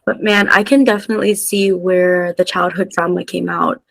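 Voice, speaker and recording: A woman's voice: fairly low pitch, level tone, moderate pace, gravelly, fairly bright tone, dry recording, rough recording. A woman hosting a podcast, responding with empathy and asking reflective follow-up questions. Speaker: podcast host. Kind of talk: interview conversation.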